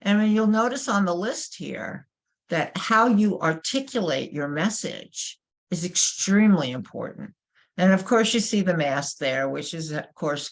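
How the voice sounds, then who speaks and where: A woman with a New York accent giving a webinar presentation as a workshop presenter, emphatic and animated, asking rhetorical questions. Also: sits low. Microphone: webinar microphone.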